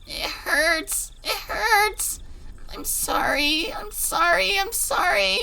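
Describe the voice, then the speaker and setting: A woman voicing an eerily gentle teenage girl from a visual novel, sweet on the surface but menacing underneath. Her voice is bright and lilting, swooping up and down as she draws out each word slowly. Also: medium pitch, big pitch swings. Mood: pained whimper. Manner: soft, sing-song and eerily gentle.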